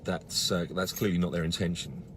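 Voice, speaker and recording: A man's voice: low voice, flat delivery, normal speed, background noise. A man giving a casual live-stream update to followers, earnest and indignant, with many fillers and restarts. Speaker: campaigner on a live video.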